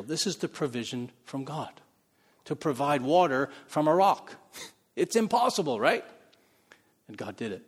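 A man preaching a sermon as pastor, in a conversational style with frequent laughs, moving between soft and loud passages. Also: medium pitch, expressive, measured pace, slightly rough, long reverb tail.

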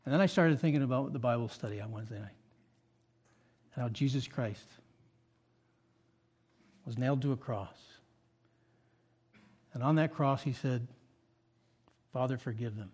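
A pastor delivering a sermon, moving between loud, emphatic points and quiet, reflective asides. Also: male voice, mid-range voice, normal speed, pauses often, breathy edge.

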